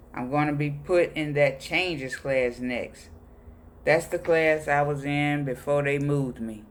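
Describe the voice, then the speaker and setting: A man reading personal letters aloud in a plain, unhurried voice. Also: on the high side. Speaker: reader of letters.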